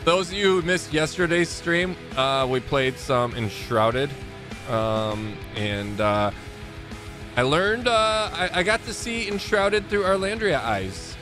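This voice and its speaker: Man with a Michigan accent, lively voice. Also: on the high side, slow, music in the background. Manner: rambling, self-mocking, greets chat by name. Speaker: streamer. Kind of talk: casual live-stream chat. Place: small home gaming room.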